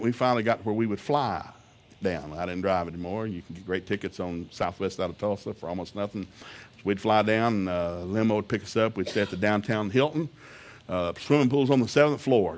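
With a mid-range voice, a middle-aged man preaching a sermon spins a humorous tale, lively and full of laughter, imitating the people he quotes.

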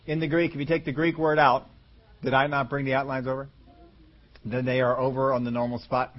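A man preaching a conversational Bible-teaching sermon, slowing down and stretching key words for emphasis. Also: on the high side, lo-fi sound. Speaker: pastor.

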